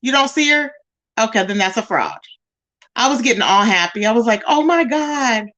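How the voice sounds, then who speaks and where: A woman's voice: a little high, expressive, a little fast, bright, forceful tone. A woman hosting a casual livestream, chatting straight to her viewers and calling them "y'all" and "child". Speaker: livestream host.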